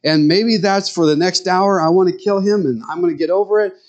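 Middle-aged male pastor, easygoing sermon delivery, lively storytelling voice. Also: high voice, a little fast, dull audio. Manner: conversational, animated storytelling with quoted voices.

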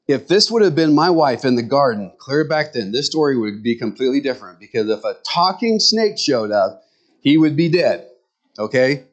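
A man's voice: medium pitch, sing-song, normal speed. A middle-aged man preaching a sermon in a conversational way, with joking asides to the congregation. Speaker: pastor.

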